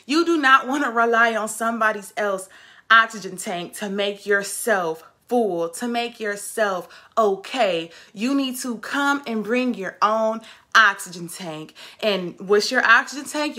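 Bright-voiced woman giving emphatic pep talk. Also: mid-range voice. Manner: emphatic and repetitive, addressing viewers as "baby" and "ladies". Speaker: vlogger and travel nurse. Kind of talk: casual motivational talk to camera.

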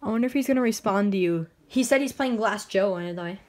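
A woman chatting on camera in a relaxed home vlog. She teases her friend with quick, pushy questions. Her voice is ordinary and mid-pitched. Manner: teasing, keeps pressing with questions. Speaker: vlogger filming a friend. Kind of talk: casual vlog chat.

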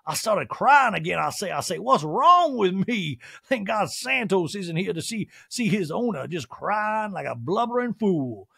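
A man's voice: high-pitched, very animated, gravelly, sharp tone, husky, no room sound, studio quality, pitched above the performer's own voice, exaggerated voice. A man doing a theatrical drawling woman. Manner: theatrical, drawn-out, repeats "I say". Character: dramatic drawling woman reality star.

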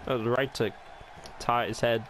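A man giving casual commentary over a wrestling video game, excitable and full of gasps, with joking, sarcastic asides. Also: mid-range voice, normal speed, noisy background. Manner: excitable, reacting with gasps and swearing. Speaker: gameplay commentator. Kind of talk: casual let's-play commentary.

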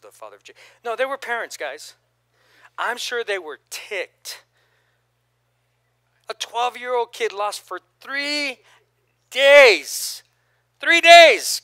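A male pastor preaching a lively sermon, reading scripture aloud and calling on the congregation to repeat after him. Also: high-pitched, no room sound. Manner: reads scripture aloud, then comments casually.

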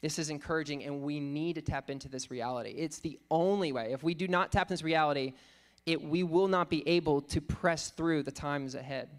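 A man preaching a sermon, teaching earnestly, reading scripture slowly and thinking aloud with fillers. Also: on the high side, clear, resonant tone.

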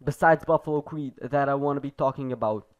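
A teenage boy giving casual, excitable gameplay commentary as a gaming video host, swearing and repeating himself when the action gets tense. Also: medium pitch, fairly quick, smooth, phone-quality sound. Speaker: gaming YouTuber.

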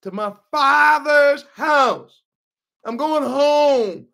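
Desperate starving son begging to come home, very high bright voice, preacher doing him. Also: male voice, drawn-out words, vocal fry, heavily acted. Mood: determined. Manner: pleading, rehearsing his words aloud. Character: hungry repentant young man, desperate.

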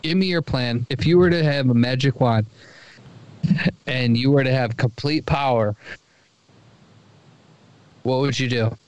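A man's voice: medium pitch, measured pace, pauses often, darkish tone, clean tone. A man co-hosting a podcast in casual chat, joking and riffing crudely. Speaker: podcast co-host.

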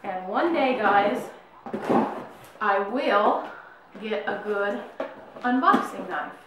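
A woman's voice: medium pitch, expressive, takes it slowly, heavy background noise. A middle-aged woman hosting a casual horror unboxing vlog at home, bubbly and gushing, with lots of fillers. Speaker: YouTube unboxing host. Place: home room, in New Mexico. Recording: very echoey room, mic at a distance.

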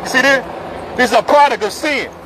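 A man preaching in the open air on a city street, forceful and repetitive, calling out the people passing by. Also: very high-pitched, a little fast. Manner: forceful and repetitive, calls out passersby. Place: busy city street outdoors. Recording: street crowd and traffic noise. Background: crowd chatter and passing vehicles.

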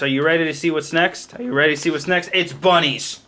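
A man casually opening trading card packs on camera, excitably rattling off card names and cracking jokes. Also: on the high side, quick pace. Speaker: card pack opening vlogger. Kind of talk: casual card unboxing commentary.

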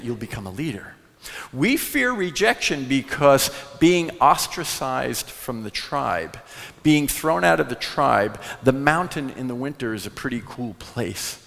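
A man giving a live conference talk on sales, telling stories and acting out the people in them. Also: medium pitch. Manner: animated storyteller who acts out quoted voices. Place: large conference hall. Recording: long hall reverb.

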